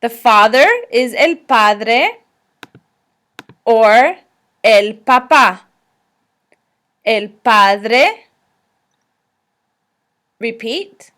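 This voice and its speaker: A woman with a fairly high voice teaches vocabulary in a recorded slideshow lesson. She talks slowly and carefully, stopping often so listeners can repeat after her. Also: a bit bright. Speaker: language teacher.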